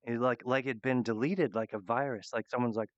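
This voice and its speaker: A man's voice: mid-range voice, fairly even intonation, a little fast, dry recording, highs cut off. A man talking in a rambling monologue, hesitant and full of fillers and restarts. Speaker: channel host.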